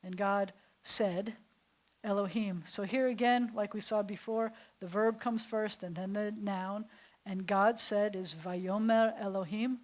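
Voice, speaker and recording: A woman rabbi leads a Hebrew class in a mid-pitched voice. She explains with clear enthusiasm and turns to hushed, breathy whispers when she wants a point to land. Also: steady tone, unhurried, poor audio. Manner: enthusiastic, drops to soft breathy whispers on key phrases. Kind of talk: classroom lesson. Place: synagogue classroom.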